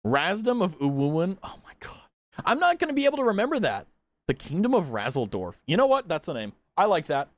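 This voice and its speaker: Wildly animated playful male streamer. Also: high-pitched, quick pace, no room sound. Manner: playful, giggly, reads menu items aloud. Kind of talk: casual gameplay commentary.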